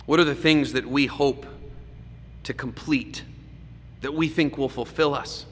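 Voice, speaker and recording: A man preaching a sermon, swinging between loud emphasis and hushed asides. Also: medium pitch, fairly even intonation, unhurried. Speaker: pastor. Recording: echoey hall with faint background noise.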